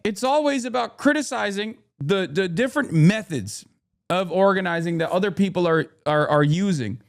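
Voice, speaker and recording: A man ranting on his live stream, heated and profane, swinging between loud outbursts and low mutters. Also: normal speed, gravelly.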